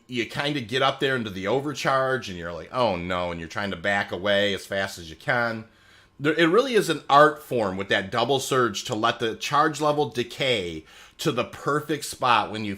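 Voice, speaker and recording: Chatty, lively-voiced male game streamer. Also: medium pitch. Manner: rambling, chatty, many fillers; reads chat messages aloud and answers them. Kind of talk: casual livestream chat.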